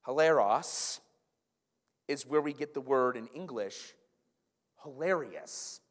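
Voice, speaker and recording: A man preaching a sermon in a church sanctuary, animated, with stumbling restarts and repeated words. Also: medium pitch, slow. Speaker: pastor. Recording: long church hall reverb.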